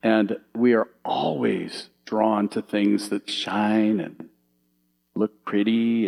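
A man's voice: lowish voice, slow pace, vocal fry, low-quality recording. A man preaching a sermon from slides, telling vivid little stories and asking the audience questions. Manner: animated storytelling, asks the audience questions.

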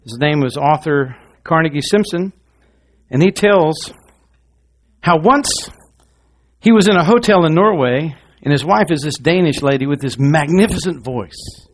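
Pastor, man, middle-aged, slightly high voice, calls and asks the congregation, swings loud to hushed. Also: lively intonation, unhurried, a little hiss or hum. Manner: swings between loud rousing and low quiet delivery. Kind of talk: sermon. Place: church.

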